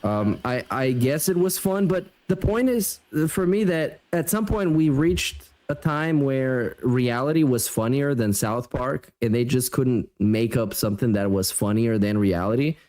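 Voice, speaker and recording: A man co-hosting a stream, giving relaxed, rambling opinions in casual chat. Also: mid-range voice, unhurried, hardly any pauses. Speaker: stream co-host.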